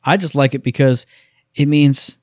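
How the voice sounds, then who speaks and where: A man's voice: mid-range voice, fairly even intonation, moderate pace, darkish tone, no room sound, studio quality. A man co-hosting a casual gaming podcast, jokey and playful, who acts out exaggerated impressions of people. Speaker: podcast co-host.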